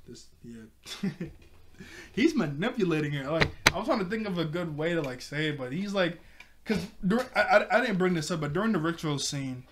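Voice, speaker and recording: Give me a man reviewing a cartoon episode in a loose, rambling way with lots of fillers. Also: on the high side. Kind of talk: casual episode recap.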